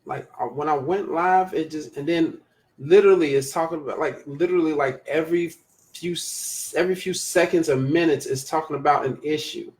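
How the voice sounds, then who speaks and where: Male live-show host, slightly higher voice, emphatic and repetitive, casual delivery. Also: fairly quick. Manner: emphatic, repeats phrases for stress. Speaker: live show host reading viewer comments. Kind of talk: casual live-stream talk.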